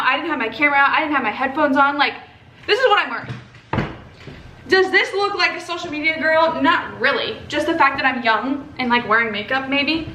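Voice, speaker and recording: A young woman from Texas telling a story to camera in a casual, animated way, swearing and acting out what others said. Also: high voice. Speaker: vlogger. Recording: echoey room with faint ambient noise.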